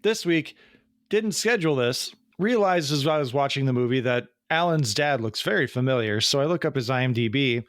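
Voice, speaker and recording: A man's voice: medium pitch, lively intonation, no echo, clean studio sound. Tangent-prone man in his forties. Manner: fast, tangent-prone, self-interrupting. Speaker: podcast host. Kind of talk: casual chat.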